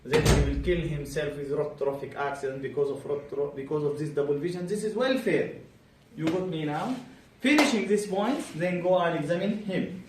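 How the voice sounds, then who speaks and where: A man teaching a bedside clinical exam to students, animated and quizzing them repeatedly. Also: on the high side, moderate pace. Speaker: medical exam tutor. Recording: roomy, distant, faint background hum.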